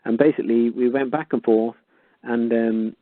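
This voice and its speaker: A man's voice: mid-range voice, normal speed, no room sound. Wry man on a phone line. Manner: wry, incredulous, animated retelling. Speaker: caller. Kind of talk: phone-in storytelling. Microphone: telephone. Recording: tinny dry phone line.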